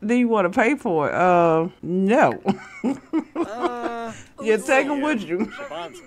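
A woman's voice: medium pitch, big pitch swings, measured pace, faint music behind. A woman commentating her own gameplay in a casual way, scolding the game characters and often breaking into laughter. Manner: bossy, scolding, with slang. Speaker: Sims gameplay vlogger.

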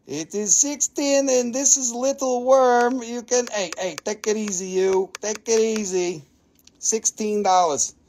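A man's voice: high voice, darkish tone. A man hosting a live crystal sale, joking, swearing and haggling over prices in casual talk. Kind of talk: casual live sales stream.

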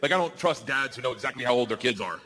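A man in his forties doing a stand-up comedy set, telling stories loudly and jumping into the voices of his kids and friends. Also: medium pitch, lively intonation, racing, noisy background. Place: comedy stage with a live audience. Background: audience laughter.

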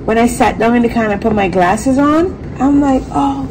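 A woman vlogger chatting casually and excitedly straight to her viewers. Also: on the high side, brisk, background noise. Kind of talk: casual vlog chat to viewers.

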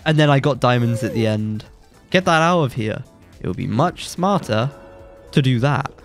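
A young man with a blocked nose, giving excitable, joking commentary while playing a game and yelping when surprised. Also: mid-range voice, moderate pace, soft background music. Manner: excitable, jokey boasting, yelps when surprised. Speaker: gaming YouTuber. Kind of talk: let's play commentary.

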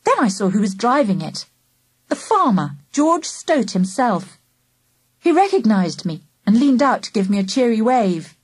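A woman reads a children's book aloud in a first-person narrator's voice. Her pitch rises and falls with lots of life, and her tone has a husky grain. The recording is dry and close. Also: unhurried, no room sound. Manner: lively, animated first-person storytelling. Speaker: audiobook narrator. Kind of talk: storybook narration.

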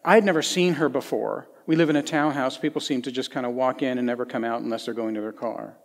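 A middle-aged man from Tennessee, preaching a sermon in a conversational storytelling way with folksy asides, swinging between lively and hushed. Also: mid-range voice, fast, creaky. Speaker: pastor. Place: church sanctuary. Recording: long church hall reverb.

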